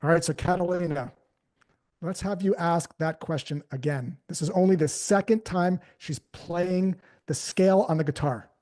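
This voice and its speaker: A man coaching a sales team live on stage, energetic and conversational, acting out phrasings as he goes. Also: a little high, normal speed. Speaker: sales trainer. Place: on stage before an audience.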